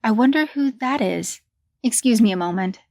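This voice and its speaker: A woman voicing a brisk, businesslike female real estate broker in a horror story reading. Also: fairly high pitch, lively intonation, darkish tone, no echo, studio quality.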